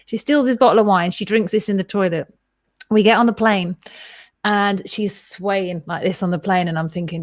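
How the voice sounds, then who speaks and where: Woman on a podcast telling a wild story, animated, does little voices for people, dry close mic. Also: lowish voice, no room sound. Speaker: podcast co-host. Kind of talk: casual chat, storytelling.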